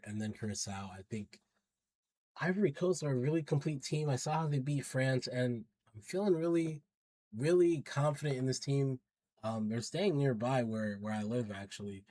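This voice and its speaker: A man's voice: mid-range voice, a little mellow, no echo. A man talking through his football predictions in a chatty, slangy way, hyping up teams and hedging his picks as he goes. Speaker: football pundit vlogger. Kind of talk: casual predictions commentary.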